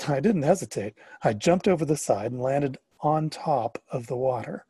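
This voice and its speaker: Man, first-person storybook narration, expressive, dark mellow voice, a bit husky. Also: medium pitch, normal speed, dry recording. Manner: expressive, rising to excited questions.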